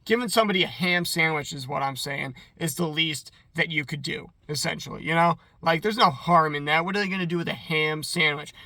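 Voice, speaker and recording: This man rambles through an episode recap in a loose, chatty way, leaning on "like" constantly. His voice is bright and slightly high. The sound is dry and close to the mic. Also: no room sound. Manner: rambling and chatty, heavy use of "like". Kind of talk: casual commentary.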